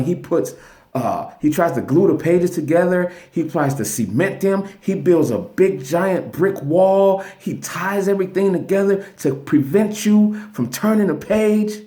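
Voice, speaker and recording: A man's voice: a little high, lively intonation, measured pace, warm tone. A man telling a story as a lesson in an earnest, casual motivational talk, streamed live from his phone. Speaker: motivational speaker.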